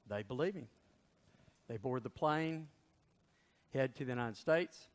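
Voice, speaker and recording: A male pastor preaching a sermon and telling a story in an animated way. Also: medium pitch. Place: large church. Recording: long reverb of a large church.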